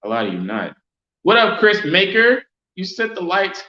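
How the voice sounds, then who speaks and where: A man hosting a casual sports fan live stream, chatting loosely and giving viewers shout-outs. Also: sits high, wildly swooping pitch, moderate pace. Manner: casual, reads and answers chat shout-outs. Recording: roomy, dull lo-fi sound.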